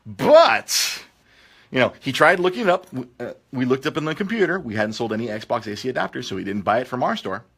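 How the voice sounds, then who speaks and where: Animated man telling a story, bright voice. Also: medium pitch, a little fast, gravelly, slightly rough. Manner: lively, acts out voices in his story, laughs often. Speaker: podcast host. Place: radio studio.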